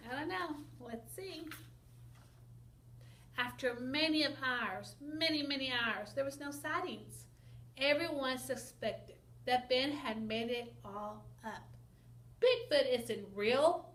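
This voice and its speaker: A woman teacher reading a picture book aloud to children, expressive and asking them questions. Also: high-pitched, slow pace. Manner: expressive, asks listeners questions, sound effects. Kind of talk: children's read-aloud lesson. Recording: echoey room with faint noise.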